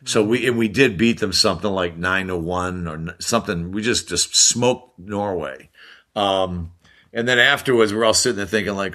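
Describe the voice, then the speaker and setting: Older American man, bright lowish voice, lively anecdote-teller on a podcast. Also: moderate pace. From United States. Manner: animated anecdote-telling with mimicked voices and laughs. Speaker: podcast guest, former hockey player. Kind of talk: casual storytelling.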